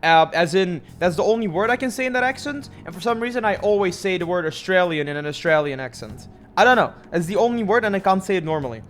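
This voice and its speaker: A man's voice: high voice, expressive, fast, a bit bright, faint music behind. A young man streaming a video game, rambling casually, cursing and mocking himself as he plays. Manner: rambling, profane, self-mocking. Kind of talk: casual gameplay commentary.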